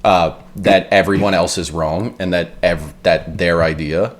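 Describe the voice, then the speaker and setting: Deep-voiced man arguing in long chains. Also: steady tone, measured pace. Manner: builds arguments in long run-on chains. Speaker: podcast co-host. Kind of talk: casual discussion.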